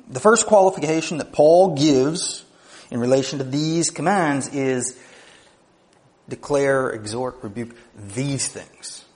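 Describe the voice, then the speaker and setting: Male pastor, mid-pitched, measured sermon delivery with emphatic climaxes. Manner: teaching in numbered points, building to emphatic peaks.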